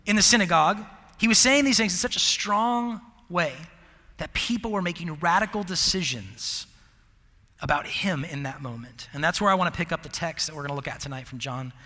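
A man's voice: a little high, bright, forceful tone. A young man preaching a casual sermon to a college group, rambling with fillers and laughing at himself. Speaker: campus ministry preacher. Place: large hall with live audience. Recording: long hall reverb.

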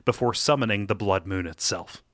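A man co-hosting a podcast in casual chat, playful and quick to laugh. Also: lowish voice, fairly bright tone, no echo, clean studio sound. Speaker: podcast co-host.

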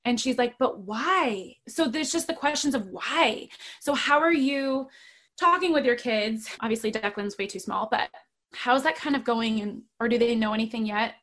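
A woman in her thirties hosting a casual conversation, an animated storyteller who laughs easily. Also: fairly high pitch, moderate pace. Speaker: podcast host.

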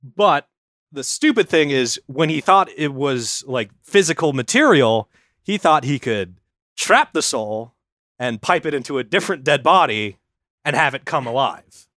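Man, podcast storyteller, rambling, casual swearing, average pitch, dry close mic. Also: animated, unhurried, a bit bright, no room sound. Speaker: podcast host telling the story.

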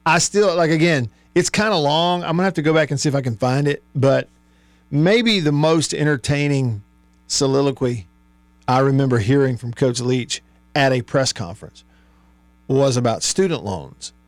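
A man's voice: medium pitch, moderate pace, dry recording. Man hosting radio sports talk. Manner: reads listener texts aloud, chuckling often. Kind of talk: casual call-in radio chat. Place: radio studio. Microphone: studio microphone.

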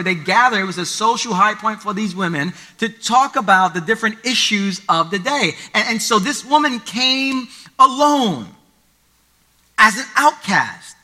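High, sharp-toned man preaching a sermon. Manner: reads scripture then preaches with everyday comparisons. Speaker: pastor. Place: church service.

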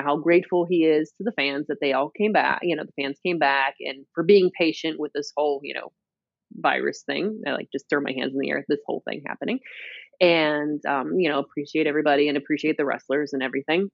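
A woman's voice: sits low, normal speed, no room sound. A woman co-hosting a casual wrestling podcast, telling a rambling story and laughing often. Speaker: podcast co-host. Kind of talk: casual chat. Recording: dull lo-fi dry sound.

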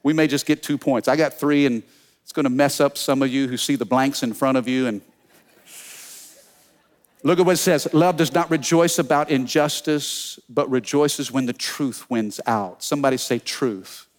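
A man preaching a sermon as pastor, energetic, telling funny stories and calling out to the congregation. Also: medium pitch, moderate pace. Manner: energetic preaching with call-and-response; storytelling with humor.

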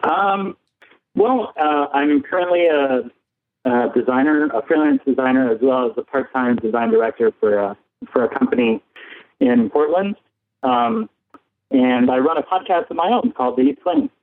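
A man from San Diego calling in to a show, halting, with many ums and nervous laughs. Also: mid-range voice, animated. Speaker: caller. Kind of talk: casual call-in chat. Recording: phone line.

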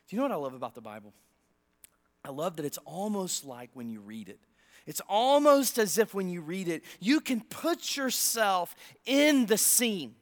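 A male pastor with a high-pitched voice delivers a sermon in church. He reads and retells scripture dramatically, rising to loud emphasis and then dropping to near-whispers. Between passages he talks casually with the congregation and asks them for responses. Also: sing-song, normal speed.

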